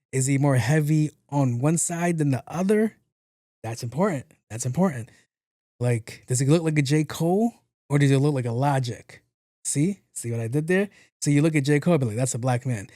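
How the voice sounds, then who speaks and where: Joking, cursing and repeating himself, the podcast host keeps up loose commentary in a warm, mellow, mid-range voice. The recording is close and dry, with no room sound.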